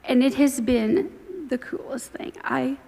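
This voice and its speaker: A woman in her forties gives a chatty, grateful personal testimony at church, her fairly high voice carrying a gravelly edge. The long reverb of a church hall trails behind her words. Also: steady tone, measured pace. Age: 40s. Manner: chatty, storytelling, warmly grateful. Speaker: church member giving testimony.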